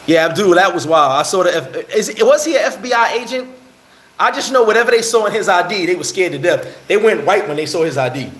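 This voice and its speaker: Animated New man telling a story. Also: high-pitched, brisk, echoey room, a little hiss or hum, rough recording. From New York. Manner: animated, heated storyteller, acts out quotes. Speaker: vlogger answering live chat. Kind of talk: casual live-stream storytelling. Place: bar in the Dominican Republic.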